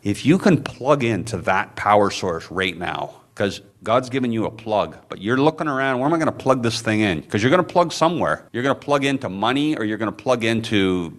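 A man's voice: animated, fairly quick, few pauses. Impassioned male pastor preaching a sermon. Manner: impassioned, rising to high emphatic peaks then dropping low and soft; conversational asides to the congregation.

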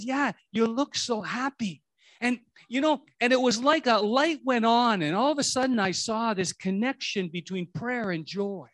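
A man's voice: high voice, no room sound, studio quality. A middle-aged man preaching a sermon in a rambling, conversational way, full of restarts and asides. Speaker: pastor.

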